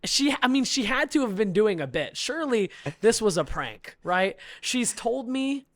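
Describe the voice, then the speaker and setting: A man's voice: very high-pitched, big pitch swings, normal speed, dry recording. A man telling an indignant story on a podcast, building up with bursts of laughter. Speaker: podcast guest. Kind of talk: animated storytelling rant.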